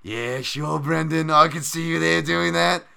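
A man's voice: a little high, unhurried, gravelly, pushed and bright, smooth, pitched above the performer's own voice, heavily acted. A man doing an impression of a brash male fight commentator who turns everything into innuendo. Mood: leering. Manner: leering, innuendo-laden.

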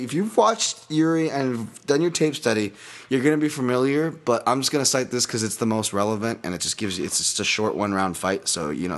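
A man hosting a solo podcast, breaking down upcoming fights in a rambling, animated and profane way. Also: mid-range voice. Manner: animated, rambling, profane, laughs at own bits. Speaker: MMA fight analyst podcast host.

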